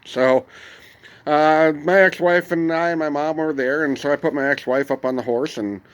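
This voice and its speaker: A middle-aged man hosting a podcast, telling a personal story in a casual, meandering way with frequent pauses. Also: a little high, dull audio. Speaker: podcast host.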